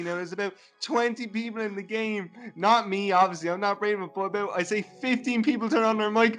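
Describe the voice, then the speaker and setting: A man with a fairly high voice tells a story in casual podcast talk. He swears freely and tells it with animation. Faint music plays beneath. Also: fairly quick, hardly any pauses, fairly bright tone. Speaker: podcast co-host.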